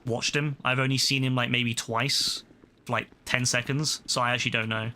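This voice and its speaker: Young southern English male streamer, mid-pitched, casual and rambling, over heavy game sound. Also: fairly even intonation, moderate pace. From southern England. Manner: loose, rambling, many fillers and restarts. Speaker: gaming streamer. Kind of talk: casual chat answering viewers while playing. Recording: loud game noise and engine sounds underneath. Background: video game audio with vehicles.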